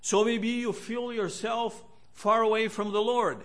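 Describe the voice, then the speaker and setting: A man with a notably high voice delivers a sermon at an unhurried pace. He speaks earnestly, measuring out each phrase and pausing often. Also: flat delivery, fairly bright tone. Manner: earnest, measured preaching with pauses. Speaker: preacher.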